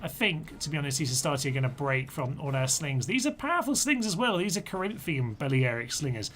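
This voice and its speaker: A gaming streamer chats casually while playing a strategy game live, muttering orders to his units. His voice is fairly high and fairly bright, very animated and a little fast, with soft music in the background.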